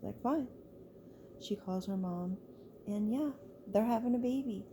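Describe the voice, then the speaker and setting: Dark-voiced woman telling a casual story. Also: mid-range voice, a little slow, a little hiss or hum. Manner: loose and chatty, full of "like" and restarts.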